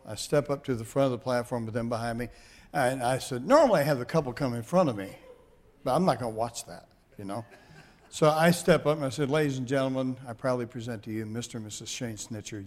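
An older male pastor tells homespun stories from the pulpit in a folksy, animated way. His voice sits in an ordinary middle pitch, and he breaks into chuckles at his own jokes. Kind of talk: sermon storytelling.

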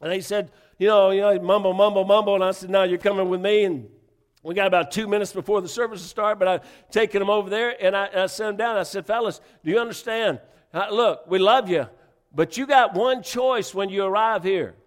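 Fervent high-voiced preacher man. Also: a little fast. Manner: fervent, repetitive, conversational preaching with restarts. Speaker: pastor. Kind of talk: sermon.

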